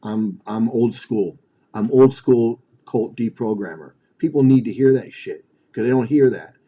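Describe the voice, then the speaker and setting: A man's voice: mid-range voice, measured pace, mellow. A middle-aged man hosting a livestream, ranting bluntly and profanely, often repeating and restarting his phrases. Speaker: livestream host.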